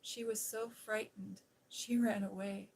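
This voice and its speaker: A woman voicing a sullen, sickly little boy in a storybook, keeping close to her own soft voice. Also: medium pitch, steady tone, unhurried, vocal fry, slight background noise, low-quality recording. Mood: resentful.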